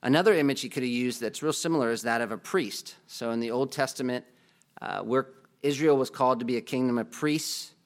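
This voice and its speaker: A man's voice: mid-range voice, brisk. Casual man preaching a sermon. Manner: conversational, asks the congregation questions, joking asides. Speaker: pastor.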